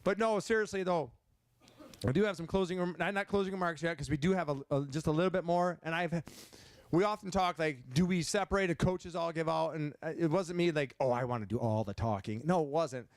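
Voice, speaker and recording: Stammering coach, dry close sound. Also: male voice, on the high side, no echo. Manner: halting, stammering repeats; emotional, choked up at times. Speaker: head football coach. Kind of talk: banquet speech. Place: banquet hall, indoors.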